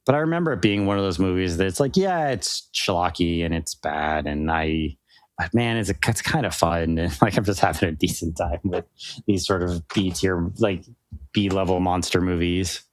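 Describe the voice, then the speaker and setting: A man's voice: sits low, normal speed, no echo. A man co-hosting a podcast, chatting casually and enthusiastically, rambling with many restarts and fillers. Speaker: podcast co-host. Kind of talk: casual chat.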